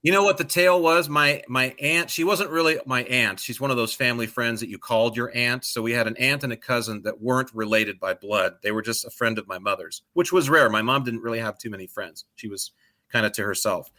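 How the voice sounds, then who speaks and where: Middle-aged male podcast co-host, bright tone, profane and sarcastic ranter. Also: mid-range voice, brisk. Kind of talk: casual chat.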